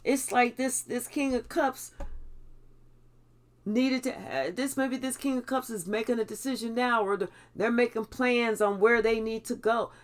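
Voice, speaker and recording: Woman tarot reader, unhurried, blunt, a bit high. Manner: blunt, swears freely. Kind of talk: spiritual tarot reading.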